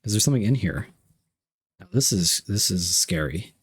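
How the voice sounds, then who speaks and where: A man's voice: lowish voice, lively intonation, moderate pace, husky. A young man streaming live, reading chat messages aloud and unboxing gifts, playful and repeating himself.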